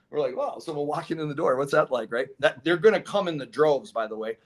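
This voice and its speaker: A man's voice: a little high, quick pace. A man, a solar company co-owner, telling stories in a casual interview, acting out other people's lines and laughing as he goes. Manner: animated, acts out dialogue with laughs.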